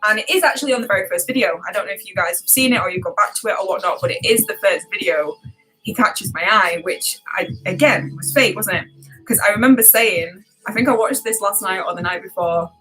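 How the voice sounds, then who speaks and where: A British woman hosting a casual chat with her viewers, chatty and quick to laugh at herself. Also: medium pitch, bright, forceful tone, faint music behind, rough recording. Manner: chatty, laughs often, self-deprecating. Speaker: reaction channel host.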